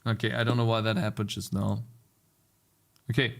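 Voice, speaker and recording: A man's voice: fairly low pitch, flat delivery, normal speed, gravelly. A young man streaming himself programming, muttering through bugs and talking to his chat. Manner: frustrated muttering while debugging, talking to chat. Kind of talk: live coding stream chat.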